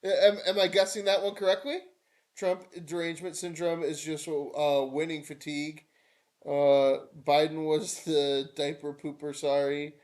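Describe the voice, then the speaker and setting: A man's voice: a little high, flat delivery, unhurried, darkish tone. A man live-streaming political commentary, irreverent and mocking, breaking into whiny put-on voices.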